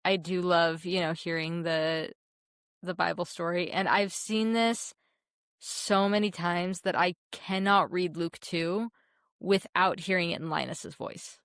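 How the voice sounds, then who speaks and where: A young woman co-hosting a film podcast, talking warmly and emotionally about a favorite holiday special, often restarting her sentences. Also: on the low side, fairly even intonation, a little slow, clear, resonant tone, no room sound, studio quality. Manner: heartfelt, emotional, many restarts. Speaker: podcast co-host. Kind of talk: casual film chat.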